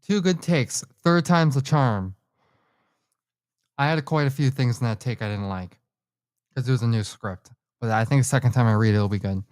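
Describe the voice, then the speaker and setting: A woman's voice: a bass voice, normal speed, long pauses, a little mellow, dry recording, studio quality. A woman streamer chatting casually to her viewers, blunt and profane, often talking to herself. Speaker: livestreamer. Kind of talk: casual live-stream chat.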